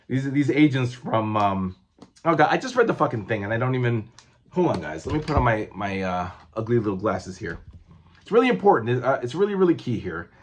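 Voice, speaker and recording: On his vlog, a comic book collector in his forties chats casually in a fairly low voice. He rambles, corrects himself, and uses plenty of fillers.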